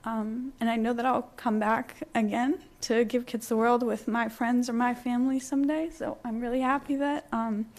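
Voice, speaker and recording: A teenage girl giving a prepared reflection at a school committee meeting, earnest and halting with many ums. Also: a little high, steady tone, darkish tone. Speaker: high school student speaker.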